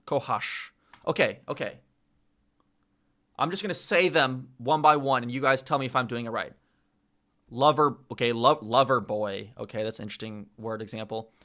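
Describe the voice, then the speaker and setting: A man with a medium-pitched, sharp-toned voice speaks at a normal speed. He's a vlogger learning a language, recording a casual practice session where he repeats words again and again and pokes fun at his own attempts.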